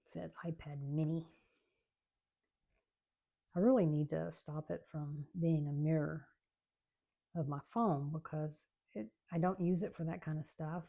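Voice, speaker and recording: A woman, chatting casually and rambling softly as she works on a craft at home. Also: deep voice, fairly even intonation, a little slow, vocal fry, pauses often. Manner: chatty, rambling, soft-spoken. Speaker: craft channel host. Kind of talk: casual chat while crafting.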